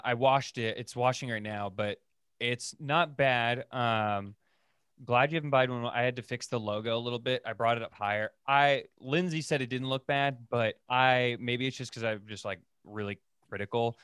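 A man's voice: mid-range voice, normal speed, fairly bright tone, clean tone, no room sound, studio quality. A man hosting a podcast, chatting casually in a laid-back, rambling way with lots of fillers. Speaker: podcast host. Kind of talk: casual chat.

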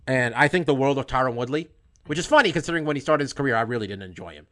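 A man's voice: medium pitch, expressive, racing, fairly bright tone. A man hosting a podcast, speaking emphatically with frequent swearing and many false starts. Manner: emphatic, profane, with many restarts. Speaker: podcast host. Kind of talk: heated podcast monologue.

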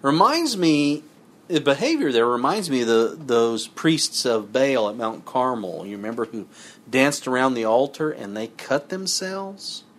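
A man's voice: mid-range voice, very animated, unhurried, fairly bright tone. A man giving a sermon, reading scripture passages aloud and then explaining them in a conversational way with asides to his listeners. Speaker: preacher.

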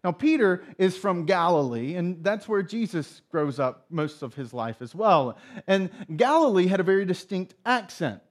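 A man's voice: high voice, big pitch swings, moderate pace. A male pastor giving a sermon, retelling a story and acting out the characters' lines. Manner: storytelling, acts out voices in retelling.

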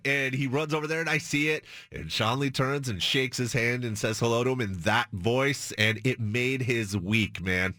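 Bright-voiced male sports radio host. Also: medium pitch, animated, moderate pace, no echo, studio quality. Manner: chatty storyteller, upbeat. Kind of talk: casual sports radio chat. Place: radio studio.

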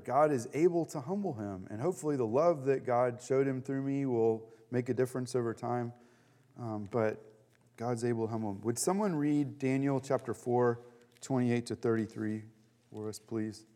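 Man teaching a Bible study, hall reverb. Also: medium pitch. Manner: conversational, animated, with fillers. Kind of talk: casual teaching talk.

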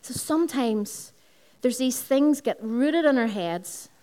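A woman's voice: high-pitched, lively intonation, takes it slowly, dark tone. A woman pastor with a Northern Irish accent preaches at a Sunday service in a school hall. She tells personal stories, repeats phrases and speaks directly to the congregation. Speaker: lead pastor. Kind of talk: sermon.

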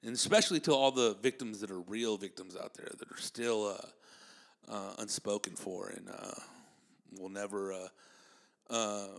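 A man's voice: on the low side, steady tone, normal speed, vocal fry. A man delivering a profane comedic rant, mocking people and laughing at his own jokes.

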